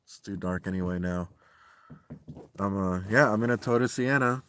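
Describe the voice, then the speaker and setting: A man live-streaming from inside his van, ranting angrily and swearing, his voice swinging between loud outbursts and low, tired muttering. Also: normal speed, background noise. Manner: heated and profane, swings from shouting to low muttering. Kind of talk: angry live-stream rant.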